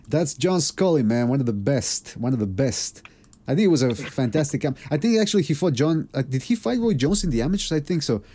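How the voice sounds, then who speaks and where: A man's voice: on the high side, big pitch swings, brisk, dark tone. A man hosting a live podcast in casual chat, laid-back and rambling with plenty of fillers. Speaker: podcast host.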